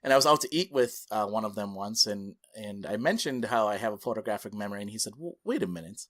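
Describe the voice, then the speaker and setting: A man's voice: lowish voice, fast, fairly bright tone. A man co-hosting a podcast who tells a story with animation and acts out the people he quotes. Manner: laughs between phrases while telling a story. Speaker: podcast co-host.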